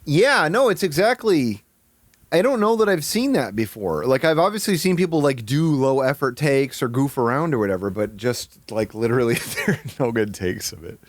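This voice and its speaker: A man chatting casually on a live stream. He swears often, thinks aloud, mocks himself and jumps into high outbursts. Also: normal speed, dry recording. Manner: excitable, swears a lot, sudden high-pitched outbursts; self-mocking, thinking aloud.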